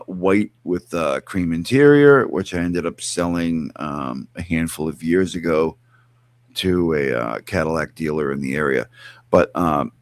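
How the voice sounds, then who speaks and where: A middle-aged man hosting a casual chat, animated and swearing freely as he acts out bits of stories. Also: sits low, no echo. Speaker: podcast host.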